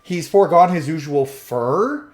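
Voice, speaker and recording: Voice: medium pitch, expressive, a little slow. A game master narrating a tabletop game in a casual, rambling way with lots of fillers.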